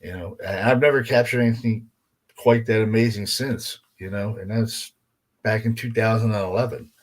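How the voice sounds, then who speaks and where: A man with a somewhat low voice speaks as a podcast guest. He talks casually and rambles through his story, swearing freely and leaning on "you know" and "man" as he goes. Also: fairly even intonation, moderate pace. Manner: rambling, profanity-laced, heavy on fillers like "you know" and "man". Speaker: guest paranormal investigator.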